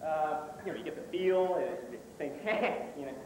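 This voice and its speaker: A man with a high, animated voice delivers mock film-critic banter, stammering and self-important. The sound comes from an old camcorder tape in a hall with lots of echo and a faint hiss. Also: normal speed. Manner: stammering, pompous. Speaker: student comedy skit performer. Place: stage in a hall.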